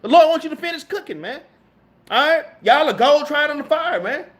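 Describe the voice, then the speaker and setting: A man with a strikingly high voice preaches to his class in loose, everyday slang. He reads scripture aloud and then riffs on it, tagging "man" and "all right?" onto nearly every sentence. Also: animated, brisk, fairly bright tone. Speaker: preacher teaching a Bible class. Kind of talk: street-style sermon.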